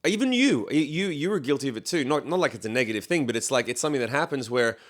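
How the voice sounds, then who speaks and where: Man, mid-pitched podcast co-host, blunt and opinionated, swears freely. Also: expressive, fast. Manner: opinionated, blunt, swears, acts out quoted voices. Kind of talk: casual chat.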